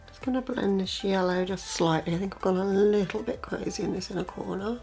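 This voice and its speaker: A woman's voice: mid-range voice, a little fast, gravelly, faint music behind. A woman vlogger chatting casually through a makeup tutorial, often saying "as I say". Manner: chatty and conversational, repeats "as I say"; quiet, half-murmured commentary while applying makeup.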